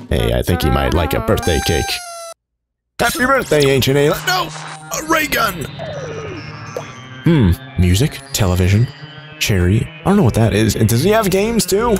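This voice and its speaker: Let's-play gamer, male, very excitable, pitch leaps all over, game music underneath. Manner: excitable, reacting loudly and laughing often. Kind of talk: gameplay commentary.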